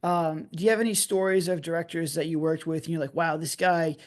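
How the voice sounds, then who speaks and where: A man's voice: fairly high pitch, fast talker, darkish tone. A man hosting an interview, giving short affirmations and then asking long, framed questions. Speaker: film director and host.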